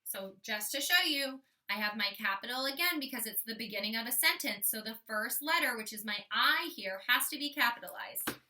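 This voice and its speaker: A young woman teaching kindergarten, modeling writing and thinking out loud as she slowly sounds out letters for young children. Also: fairly high pitch, expressive, far from the mic.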